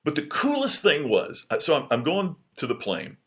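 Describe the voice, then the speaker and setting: A middle-aged man telling a personal story in a casual podcast monologue, with many restarts and sudden excited jumps in pitch. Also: moderate pace. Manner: animated, lots of restarts, jumps high in pitch when excited.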